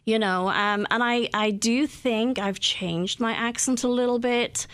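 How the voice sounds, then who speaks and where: A woman's voice: on the high side, fairly even intonation, unhurried, fairly bright tone, dry recording. Chatty middle-aged Welsh woman, dry sound. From Wales. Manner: chatty, with many fillers and restarts. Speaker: guest. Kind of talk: conversational interview.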